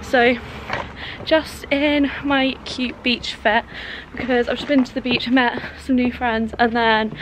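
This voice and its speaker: A woman's voice: a little high, slow pace. Chatty young woman vlogging. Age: young adult. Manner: chatty, excitable, full of "like" and "literally". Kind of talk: casual vlog chat to camera. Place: on the move, outdoors and in student rooms. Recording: noisy handheld vlog audio.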